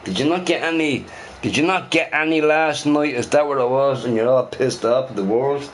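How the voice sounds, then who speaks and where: A young male live streamer rants loosely while answering his chat, animated and sweary, repeating phrases. His voice is mid-range and his pace moderate.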